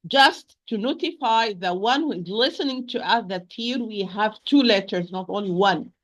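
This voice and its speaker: A woman teaching recitation in an online class, with an ordinary mid-range voice. She talks patiently, repeats her corrections and slows down to demonstrate each sound. The audio is dull and lo-fi. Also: mid-range voice.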